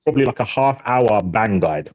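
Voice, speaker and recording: A man's voice: on the low side, expressive, a little mellow, muffled recording. A man on a casual podcast, joking in a crude, scoffing way. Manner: crude, scoffing, quick jokes. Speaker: podcast guest.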